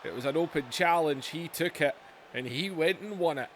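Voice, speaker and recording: A man's voice: fairly high pitch, moderate pace, a little hiss or hum. Man calling wrestling game play-by-play. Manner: excitable play-by-play, yelling and laughing at big moments. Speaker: gaming channel host. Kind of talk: mock wrestling commentary over a video game.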